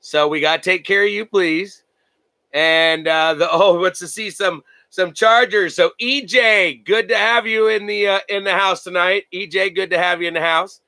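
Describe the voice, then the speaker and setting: A man's voice: sits high, steady tone, moderate pace, pushed and bright, no echo, rough recording. A man hosting a card-breaking livestream from home, chatting casually and rambling with many fillers and restarts.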